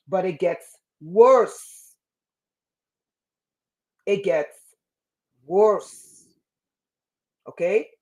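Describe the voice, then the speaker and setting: Slow, passionate woman teaching scripture. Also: medium pitch, darkish tone. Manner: passionate, emphatic, many rhetorical questions. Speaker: teacher of a spiritual school. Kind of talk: online Bible lesson.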